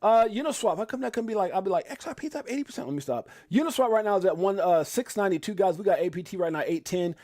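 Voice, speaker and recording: A man hosting a casual live stream, excitable and joking, often exclaiming as he runs through prices. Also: sits high, fast talker, few pauses. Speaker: crypto live stream host.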